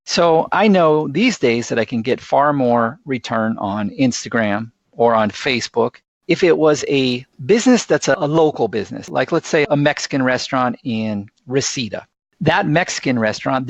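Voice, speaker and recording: Gravelly man, middle pitch, earnest interview guest, dull lo-fi dry sound. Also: animated, normal speed, dry recording. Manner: earnest, anecdotal, enthusiastic. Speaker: guest, live streaming expert. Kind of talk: conversational interview storytelling.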